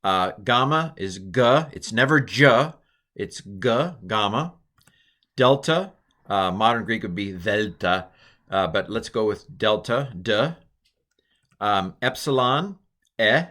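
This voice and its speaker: A man's voice: on the low side, lively intonation, takes it slowly, sharp tone. A man in his fifties teaching the Greek alphabet in a recorded lesson, explaining each letter's sound plainly.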